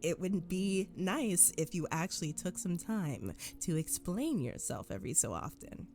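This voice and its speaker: A woman playing a patient male spirit, soft, slow, measured. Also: lowish voice, animated, faint music behind. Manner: soothing, measured.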